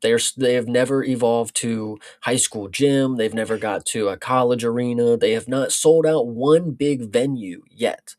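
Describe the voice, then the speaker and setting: A man's voice: medium pitch, normal speed, hardly any pauses, a little mellow. A man co-hosting a casual podcast, talking bluntly and loosely with plenty of swearing. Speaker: podcast co-host. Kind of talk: casual chat.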